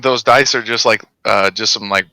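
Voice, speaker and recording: Gravelly eager player. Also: male voice, on the low side, steady tone, normal speed, sharp tone, no echo. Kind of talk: casual tabletop play.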